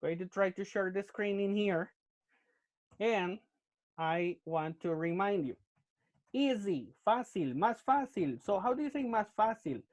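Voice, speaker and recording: A man's voice: sits high, lively intonation, a little slow. A man teaching English grammar in an online class, explaining step by step and checking in with "okay?" after each point. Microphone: computer mic on a video call. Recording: muffled lo-fi video call audio.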